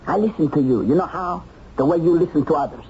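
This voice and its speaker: A man's voice: on the high side, fast, mellow, slight background noise, natural voice. An actor playing a man who has tracked down a war criminal, taunting and given to chuckles, on a dull old TV soundtrack. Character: male hunter of a war criminal, mocking then torn.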